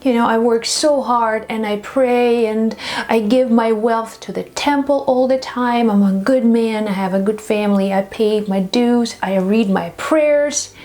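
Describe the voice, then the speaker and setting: A man's voice: very high voice, a little slow, darkish tone. A woman voicing a proud, self-righteous village nobleman who pleads and protests. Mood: pleading. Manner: pleading, then indignant.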